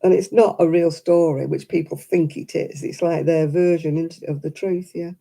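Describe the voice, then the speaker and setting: A woman's voice: low-pitched, steady tone, moderate pace, vocal fry, dark tone. A woman chatting casually to her live stream audience, rambling and self-deprecating.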